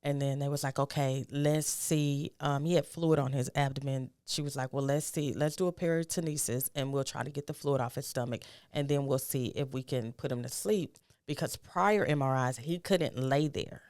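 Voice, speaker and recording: A woman's voice: fairly even intonation, normal speed, hardly any pauses, a little mellow, clear, resonant tone, dry recording, clean studio sound. A middle-aged woman, a guest, telling a personal story and acting out the dialogue in it, her voice rising with emotion. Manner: emotional, acts out quoted dialogue with rising pitch.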